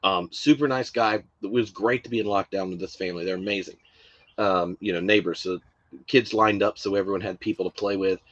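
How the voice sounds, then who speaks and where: A man with a lowish voice chats casually on a podcast, wandering through his stories with fillers and restarts. The sound is dry and a little dull. He sounds relaxed and conversational. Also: a little fast, no room sound. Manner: rambling, many fillers and restarts. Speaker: podcast co-host. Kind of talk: casual chat.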